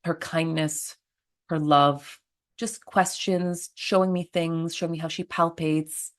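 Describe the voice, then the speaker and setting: A middle-aged woman, a birth attendant, telling stories in a blunt, animated interview style and swearing freely. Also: sits low, slow pace. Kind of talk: candid storytelling interview.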